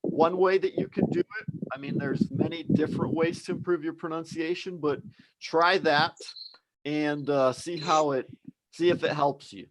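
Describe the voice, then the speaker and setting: A man's voice: on the high side, fairly even intonation, normal speed, a little hiss or hum, rough recording. Upbeat encouraging male English teacher. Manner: explanatory, encouraging, conversational. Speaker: English teacher hosting a live class. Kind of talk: live online lesson.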